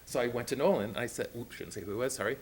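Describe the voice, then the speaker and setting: A man's voice: medium pitch, racing. A man telling an enthusiastic story at a school board meeting, acting out what people said. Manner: enthusiastic, acts out quotes in voices. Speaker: school program presenter.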